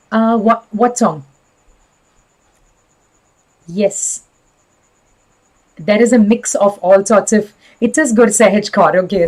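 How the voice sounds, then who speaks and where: A woman in her thirties with an airy, breathy voice, chatting warmly with her students as an online teacher. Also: mid-range voice, low-quality recording. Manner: friendly, addresses children, laughs often. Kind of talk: live class sign-off chat.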